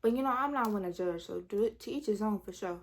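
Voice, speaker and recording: A woman's voice: medium pitch, fast, a little hiss or hum. A young woman, telling a storytime in casual chat, retelling with dramatic quotes and whispered asides. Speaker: vlogger.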